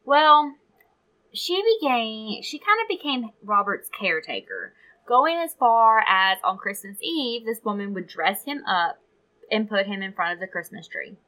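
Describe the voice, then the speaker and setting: Woman podcaster, bright clear tone, chatty storytelling, going off on little tangents. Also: mid-range voice, very animated, measured pace, rough recording. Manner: storytelling, reads from research with asides. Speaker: podcast co-host. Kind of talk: casual podcast chat.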